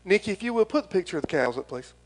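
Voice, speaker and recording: A man's voice: high voice, sing-song, rapid-fire, slight background noise, rough recording. A middle-aged man, preaching a folksy, rambling and earnest sermon as pastor.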